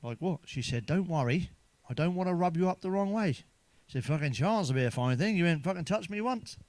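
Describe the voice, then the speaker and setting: A man's voice: a little high, animated, a little fast, darkish tone, no room sound. A man telling crude jokes in a sweary monologue, chuckling at his own punchlines. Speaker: stand-up comedian.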